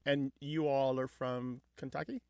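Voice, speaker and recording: A man's voice: mid-range voice, flat delivery, a little slow, mellow, no room sound. A man co-hosting a radio talk show, explaining language points in a lecturing way. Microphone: studio microphone.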